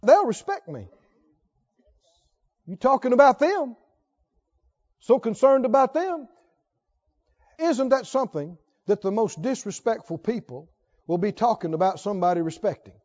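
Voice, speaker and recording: A man preaching a sermon emphatically, swinging between loud declarations and hushed lines. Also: extremely high pitch, lively intonation, measured pace, long pauses, dull audio. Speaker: pastor.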